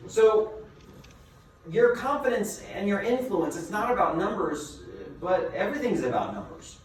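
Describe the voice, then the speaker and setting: A man giving a motivational seminar as a business coach, a lively storyteller who asks his listeners rhetorical questions. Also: sits high, a little slow. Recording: very echoey room, mic far off, faint noise.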